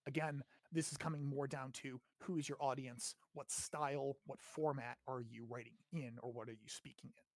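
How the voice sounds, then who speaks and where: A man's voice: medium pitch, fairly even intonation, normal speed, few pauses, dry recording, studio quality. An American man hosting a casual grammar lesson, explaining in a chatty way, often checking with "right?" and swearing now and then. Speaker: host teaching grammar.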